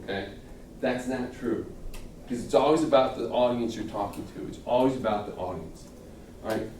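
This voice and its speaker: A man's voice: mid-range voice, moderate pace, darkish tone. A middle-aged man teaching a class on giving speeches, chatty and casual, checking in with "okay?" and acting out the audience's reactions. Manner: conversational, peppered with "okay?" checks and acted-out reactions. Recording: roomy classroom audio from a distant mic, faint room noise.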